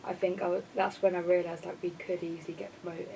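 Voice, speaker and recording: Woman co-host, mellow voice, chatty storyteller, mic a bit far off. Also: on the low side, flat delivery, fast, a little hiss or hum. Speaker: podcast co-host. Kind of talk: casual chat.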